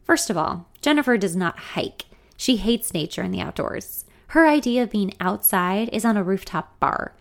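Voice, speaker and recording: A young woman tells her own story in the first person. Her delivery is conversational, wry and candid, at a middle pitch. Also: expressive, moderate pace, creaky. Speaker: narrator.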